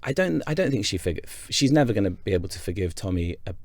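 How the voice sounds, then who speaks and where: An actor from North Yorkshire, England, talks through his thoughts in a casual interview. His voice is lowish, sing-song and fast, and he's thoughtful but rambling, often restarting his sentences.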